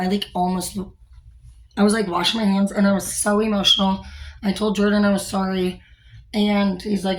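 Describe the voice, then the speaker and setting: A woman's voice: mid-range voice, fairly even intonation, normal speed. A young woman, a store manager, talking frankly and rambling in a casual vlog, with many fillers and some swearing.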